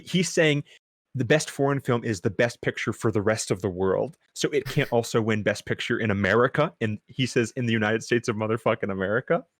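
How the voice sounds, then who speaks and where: A man's voice: medium pitch, normal speed, no room sound, studio quality. A man co-hosting a casual film podcast, talking thoughtfully with many stammered restarts. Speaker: podcast co-host.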